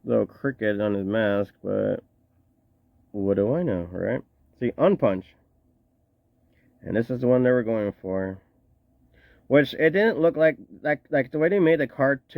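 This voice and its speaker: A man's voice: medium pitch, dry recording, lo-fi sound. A man casually reviewing action figures from his collection, chatty and slangy, with joking asides. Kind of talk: casual show-and-tell review.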